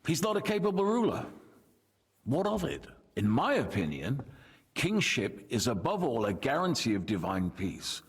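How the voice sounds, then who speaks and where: An actor playing a measured, diplomatic medieval nobleman who is loyal to his king, in video game voice acting. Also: mid-range voice, wildly swooping pitch, husky, full character voice. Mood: firm. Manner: diplomatic, composed.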